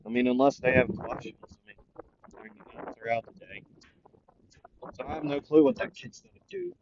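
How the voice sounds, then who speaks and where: A man's voice: medium pitch, huge pitch swings, moderate pace, creaky, darkish tone, dull audio, a little hiss or hum. A man voicing a tired, grumpy male teacher who speaks in a dismissive way. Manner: dismissive, weary.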